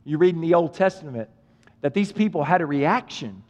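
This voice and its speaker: Man, pastor, sermon, emphatic repetition, high pitch, long reverb. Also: animated, brisk, darkish tone, muffled recording. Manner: preaching with emphatic repetition and direct address.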